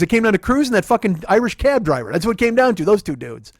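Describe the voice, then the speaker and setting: A podcast host with a high, sing-song voice talks fast, spinning rambling comic stories in casual chat full of swearing. The recording is dry and studio quality.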